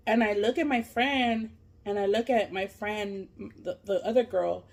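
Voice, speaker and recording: A woman vlogger telling a long story while she eats, casual and animated, full of fillers and swearing. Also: medium pitch, unhurried. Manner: animated, profane, lots of fillers. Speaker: mukbang vlogger.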